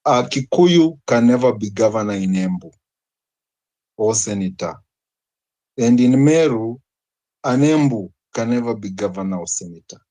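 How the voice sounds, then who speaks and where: A man's voice: fairly low pitch, animated, moderate pace, pauses often, dark tone, low-quality recording. A man with a Kenyan accent making an earnest argument in a panel debate, posing rhetorical questions. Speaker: debate participant.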